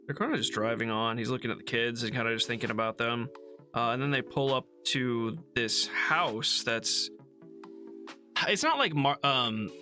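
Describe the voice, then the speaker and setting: A man's voice: medium pitch, pushed and bright. A man hosting a casual book club livestream, recapping chapters in a chatty, amused way with frequent ums and restarts.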